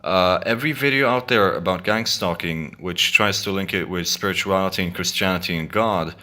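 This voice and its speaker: Earnest low-voiced man rambling to camera. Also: fairly quick, bright, forceful tone. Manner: earnest, repetitive, stumbling restarts. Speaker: video blogger. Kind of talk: casual monologue to camera.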